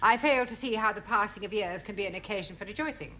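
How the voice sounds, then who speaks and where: A woman's voice: mid-range voice, quick pace, pushed and bright, slight background noise, lightly acted. An actress playing a stern female school principal who speaks in a prim, formal, cold way.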